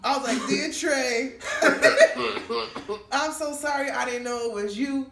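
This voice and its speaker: A woman comedian telling a funny story in a lively, laughing way, acting out the people she quotes. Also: a little slow. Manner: laughs often, acts out quotes with big pitch jumps. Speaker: comedian guest. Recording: echoey room, mic at a distance, faint noise.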